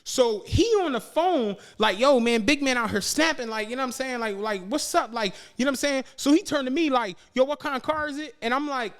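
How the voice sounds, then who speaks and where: This man's voice is very high, brisk, and nearly pause-free. As a podcast co-host, he spins a long story laced with profanity, animatedly playing each person in it during a casual storytelling chat.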